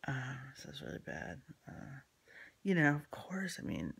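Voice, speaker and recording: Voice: mid-range voice, wildly swooping pitch, measured pace, vocal fry, fairly bright tone, breathy edge. A speaker telling a rambling personal story in casual talk, swearing freely, full of fillers and restarts, often dropping into whispered asides. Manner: drops into unvoiced whispery asides.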